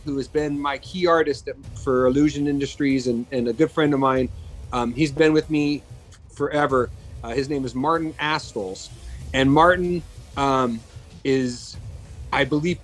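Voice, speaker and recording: A man's voice: fairly high pitch, rough recording. A man in his fifties, a guest in a casual interview, telling stories about his work in a chatty way with many fillers and restarts. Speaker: guest, makeup effects artist.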